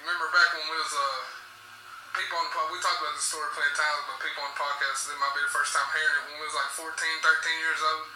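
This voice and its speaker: Laughing man, bright, roomy. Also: fairly high pitch, little pitch movement, quick pace. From southwest Virginia. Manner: crude, laughing storyteller. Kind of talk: casual chat. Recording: roomy, distant mic, faint hiss.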